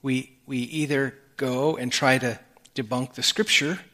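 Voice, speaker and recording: A man's voice: medium pitch, fairly even intonation, measured pace, pushed and bright. A male pastor giving an earnest sermon, often restarting his phrases as he explains a passage of scripture. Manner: earnest preaching with repeated restarts. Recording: long hall reverb.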